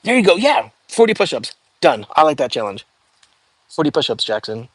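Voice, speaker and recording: A man hosting a casual livestream from home, chatting loosely with viewers, greeting them by name and filling pauses with "um" and "like". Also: on the high side, sing-song, slightly rough, no echo. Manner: chatty, frequent fillers, reads out viewer comments. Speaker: livestream host.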